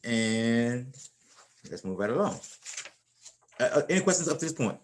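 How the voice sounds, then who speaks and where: A man teaching a Spanish class in a relaxed, casual way, often repeating and restarting words as he explains. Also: mid-range voice, normal speed, a little hiss or hum.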